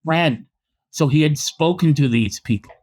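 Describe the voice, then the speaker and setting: Animated storytelling man from Canada. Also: fairly high pitch, measured pace, breathy edge. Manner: animated anecdotes, frequent restarts and acted quotes. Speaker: boxing historian and author. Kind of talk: storytelling in a podcast interview.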